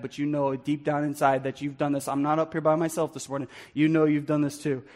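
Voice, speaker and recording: A man preaching a sermon as pastor, earnest and direct with the congregation, acting out muttered insults. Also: sits high. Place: church sanctuary.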